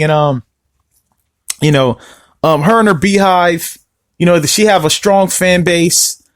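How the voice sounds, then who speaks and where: A man's voice: high voice, dry recording, studio quality. A man hosting a casual solo podcast, rambling, repeating himself and often asking "you see what I mean?". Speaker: podcast host.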